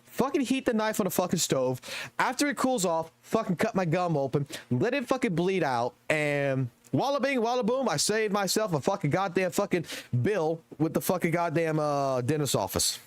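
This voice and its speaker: A man's voice: high voice, no echo. A young man from the American South with a Southern accent, ranting heatedly and profanely on his live game stream.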